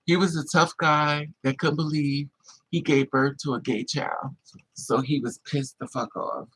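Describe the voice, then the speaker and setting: A man vlogging, telling a personal story in an animated, emphatic way with plenty of swearing. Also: a little high, measured pace, husky, rough recording.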